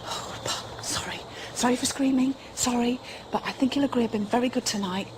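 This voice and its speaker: Frightened woman, high and swooping, whispers to spirits outdoors at night, faint hiss. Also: normal speed. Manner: nervous, jumpy, whispering often, with bursts of nervous humour. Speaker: paranormal investigator presenter. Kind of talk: solo night vigil calling out to spirits.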